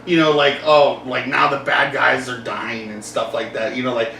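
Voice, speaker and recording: A man hosting a casual podcast chat, rambling and animated, laughing often and acting out quotes. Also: mid-range voice, moderate pace, gravelly, a little hiss or hum. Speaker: podcast host. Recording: roomy, distant mic with faint ambience.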